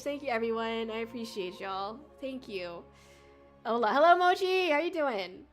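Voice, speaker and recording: A woman's voice: sits high, sing-song, moderate pace, a bit bright, soft background music. A young woman streamer chatting casually with viewers, rambling with lots of fillers and swearing. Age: young adult. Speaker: VTuber streamer. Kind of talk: casual livestream chat with viewers.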